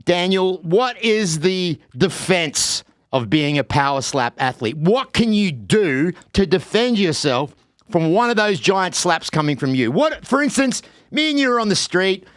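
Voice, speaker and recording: A man with an Australian accent hosting an interview podcast, energetic and laughing often. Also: high voice, unhurried, no room sound, clean studio sound. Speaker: podcast host. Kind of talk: casual interview.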